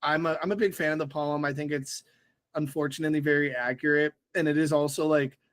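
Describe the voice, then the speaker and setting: A young man co-hosting a political podcast in casual chat, chatty and slangy and quick to laugh. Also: on the high side, steady tone, a bit bright, no room sound. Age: young adult. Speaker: podcast co-host.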